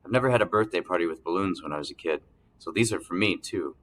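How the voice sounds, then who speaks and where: A man reading an audiobook, voicing an eager, boyish man in love who talks in an excited, bouncy way. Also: low voice, quick pace. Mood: earnest.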